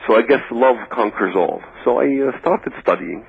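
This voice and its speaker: A man's voice: mid-range voice, lively intonation, normal speed, vocal fry, slightly rough. A middle-aged man from Palestine, speaking English, telling his story as an interview guest and acting out the dialogue he quotes. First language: Arabic. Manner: earnest storyteller who acts out quoted dialogue. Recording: tinny phone line on radio.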